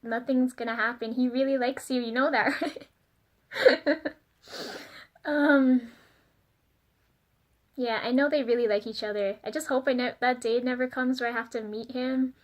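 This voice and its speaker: A woman's voice: fairly high pitch, fairly even intonation, moderate pace, pauses often. A young woman talking in a casual confessional vlog, chatty and giggly, full of fillers and flustered asides. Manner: flustered and self-conscious. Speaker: vlogger.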